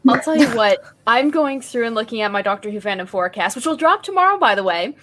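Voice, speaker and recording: An American woman co-hosting a casual livestream chat, playful and animated. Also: on the high side, quick pace.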